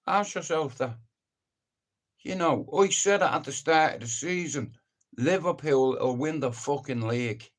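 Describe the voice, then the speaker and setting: A man's voice: fairly high pitch, measured pace. A middle-aged man hosting a live stream, ranting casually in a blunt, sweary, rambling way. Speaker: livestream host.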